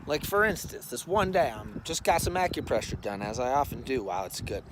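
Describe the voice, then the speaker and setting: Middle-aged male storyteller, lively and animated, recorded with clear background noise. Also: on the high side, a little fast. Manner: animated, acts out other people's lines. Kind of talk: casual storytelling.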